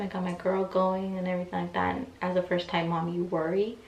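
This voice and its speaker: A young woman chats through a personal storytime, full of fillers and little acted-out quotes. Her voice sits a bit low and sounds set back from the mic in an echoey room. A faint hum of ambience is heard behind her. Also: monotone, a little fast, a little mellow, recorded from a distance. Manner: chatty, many fillers, acts out quoted voices. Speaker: vlogger. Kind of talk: casual storytime.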